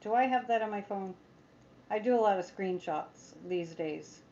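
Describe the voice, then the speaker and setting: A woman's voice: medium pitch, normal speed, warm tone, lo-fi sound, slight background noise. A woman psychic chatting casually on a livestream, rambling, reading viewer comments aloud and making sarcastic asides. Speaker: psychic tarot reader.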